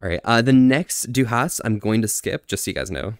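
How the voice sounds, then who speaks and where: A man's voice: fairly low pitch, lively intonation, a little fast, no room sound, studio quality. A man streaming casually, answering chat, laughing often and trying out phrases in other languages with self-deprecating humor.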